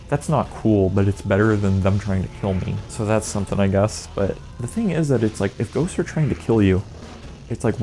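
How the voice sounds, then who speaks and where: Sarcastic man ranting, low mellow voice. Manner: sarcastic, exasperated, exaggerated asides. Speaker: video creator. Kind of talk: comedic rant monologue. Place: indoor green-screen setup.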